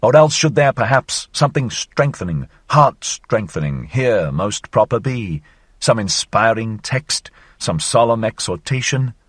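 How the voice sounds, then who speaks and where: A man's voice: lively intonation, measured pace, slightly rough, dry recording. Theatrical male audiobook reader, dry sound. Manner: theatrical, sweeping changes of pitch and loudness. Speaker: audiobook narrator. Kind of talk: reading a philosophical novel aloud.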